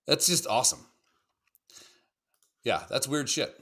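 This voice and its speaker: A man co-hosting a podcast, chatting casually about videos in a profane, excitable, rambling way. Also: medium pitch, slow, husky. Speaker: podcast co-host. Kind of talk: casual chat reacting to videos.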